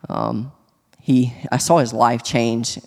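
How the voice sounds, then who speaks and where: A man sharing a personal testimony in church, speaking earnestly and haltingly, with many restarts. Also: medium pitch, fairly even intonation, vocal fry. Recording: long hall reverb.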